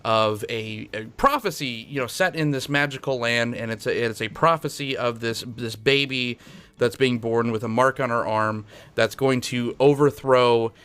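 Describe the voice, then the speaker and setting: A man's voice: mid-range voice, moderate pace, fairly bright tone, clear, resonant tone. A man hosting a casual film review podcast, talking in a rambling, hesitant way with many restarts.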